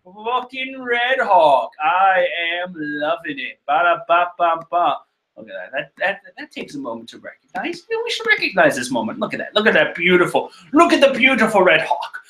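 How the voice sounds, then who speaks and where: A man reading through a manga chapter in casual, rambling commentary, excitable and profane, laughing and trailing off as he goes. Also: a little high, moderate pace. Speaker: manga chapter reader and reactor.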